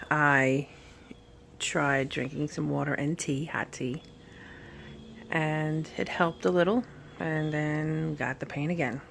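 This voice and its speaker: A tired woman in pain talks to her camera at home, rambling and halting, with plenty of fillers. Her voice is gravelly with vocal fry. A faint hum of room noise sits behind her. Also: deep voice. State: tired and in pain after surgery. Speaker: vlogger. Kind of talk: casual recovery vlog. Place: at home, sitting in bed.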